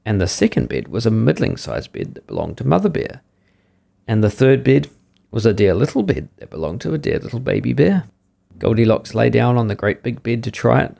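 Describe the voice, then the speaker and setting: A man hosting a podcast, reading a bedtime story aloud in a lively, sing-song way. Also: medium pitch, gravelly.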